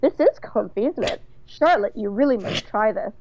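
A woman voicing a cheerful, oblivious husband in a slow, cheery read. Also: a little high, expressive, a little mellow, slight background noise.

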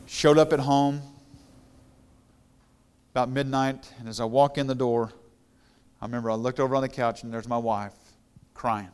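A middle-aged guest pastor with a smooth, resonant voice at an ordinary pitch for a man. He tells his own story plainly and conversationally, then rises into louder, fervent preaching. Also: steady tone, normal speed, pauses often. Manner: conversational testimony, grows louder and more fervent when preaching. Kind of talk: storytelling sermon.

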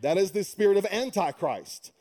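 A man's voice: high voice, animated, moderate pace, warm tone. A middle-aged man preaching a sermon, mixing humorous conversational stories with emphatic preaching. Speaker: pastor.

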